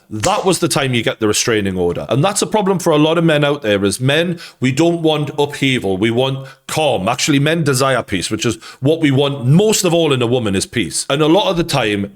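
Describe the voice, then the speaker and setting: A man with a Geordie accent talks through a reaction video in a casual, blunt way, with plenty of swearing and dry sarcasm. His voice sits at an ordinary middle pitch. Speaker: reaction channel host.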